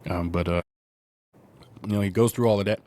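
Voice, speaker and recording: Low and steady, with a somewhat dark color, this man's voice carries a casual movie podcast. His plot summary drifts off on tangents full of filler words, and he briefly acts out characters as he goes.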